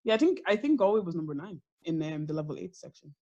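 A young woman co-hosts a chatty home podcast. Her voice is slightly husky and swings widely in pitch as she teases her friend and laughs. The talk is loose and casual, with the odd swear. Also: sing-song, quick pace, warm tone, lo-fi sound. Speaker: podcast co-host. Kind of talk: casual chat. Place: home studio.

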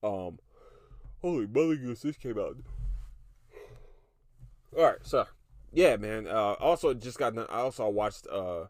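A man's voice: lowish voice, expressive, measured pace, long pauses, no echo, studio quality. A man in his thirties hosting a solo podcast, ranting with heavy profanity and breaking into laughter. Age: 30s. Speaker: podcast host.

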